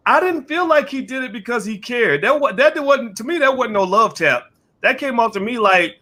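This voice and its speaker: A man with a high, bright voice hosts a casual online panel. He talks in an animated way and keeps asking his guests and the audience for a yes or no. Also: normal speed. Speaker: host of a panel show.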